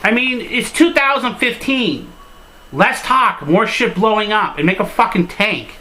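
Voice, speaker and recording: High-voiced, exasperated ranting man. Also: lively intonation, a little slow, sharp tone, slight background noise, rough recording. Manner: crude, exasperated ranting with frequent "like" and swearing. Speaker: video reviewer. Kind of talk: satirical comedy rant.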